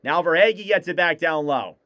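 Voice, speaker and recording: A man calling live hockey play-by-play on a fan stream, in rapid clipped play calls that rise on shots. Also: fairly high pitch, expressive, fairly bright tone. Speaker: play-by-play commentator.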